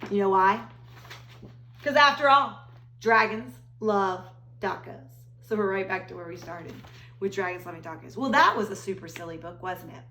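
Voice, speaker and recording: A woman teacher reading a picture book aloud to children, animated, with gasps and exclamations. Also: medium pitch, fairly quick. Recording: roomy echo.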